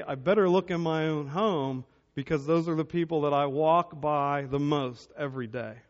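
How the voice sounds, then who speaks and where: A male pastor preaching a sermon, telling a humorous personal story in an animated way before drawing out its lesson. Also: a little high. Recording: dull lo-fi sermon recording.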